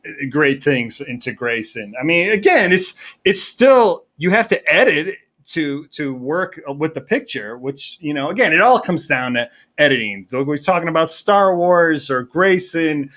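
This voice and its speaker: A man, a filmmaker guest on a podcast, telling stories in an animated, enthusiastic way. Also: on the high side, moderate pace. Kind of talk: casual podcast chat.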